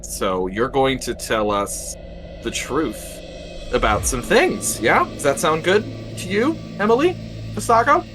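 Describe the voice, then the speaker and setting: A man playing in a tabletop role-playing game in character, pushy and theatrical, swinging between loud and hushed. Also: medium pitch, sing-song, measured pace. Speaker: player. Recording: music playing behind.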